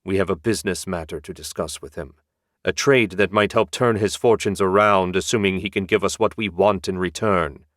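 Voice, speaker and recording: A man voicing a cold, commanding male dragon in an audiobook, speaking slowly and with threat. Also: sits low, fairly bright tone, no echo, clean studio sound. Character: commanding, menacing male dragon in human form. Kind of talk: audiobook character voice.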